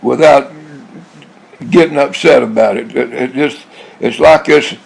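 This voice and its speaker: A man's voice: medium pitch, a little slow. An older man, rambling bluntly in a monologue with many restarts. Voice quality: gravelly, husky. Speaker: YouTube vlogger.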